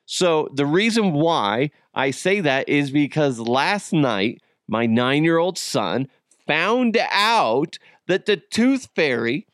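A man hosting a podcast, telling a family story in a casual, animated way and swearing freely. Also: a little high, takes it slowly, dry recording, studio quality. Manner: animated, swears freely, acts out quoted voices. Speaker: podcast host.

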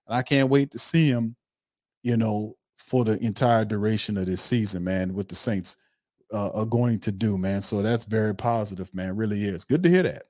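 A man hosting a sports podcast, talking in an animated, repetitive way. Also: on the low side, normal speed, no echo, studio quality. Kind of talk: casual sports commentary.

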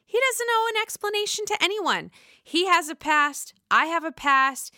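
A woman's voice: very high voice, lively intonation, moderate pace, pushed and bright, no room sound, clean studio sound, pitched above the performer's own voice, full character voice. A woman doing an impression of an indignant wife who swears while defending her husband. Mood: furious.

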